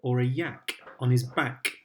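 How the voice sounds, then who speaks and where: A man's voice: medium pitch, steady tone, a little slow, noisy background. A British man, a father, reading picture books aloud to his child, playful and sing-song, with sound effects.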